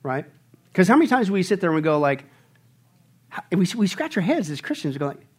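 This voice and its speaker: A man preaching a sermon as pastor, swinging from quiet asides to loud, mocking bursts. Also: sits high, big pitch swings, a little fast, pauses often, husky.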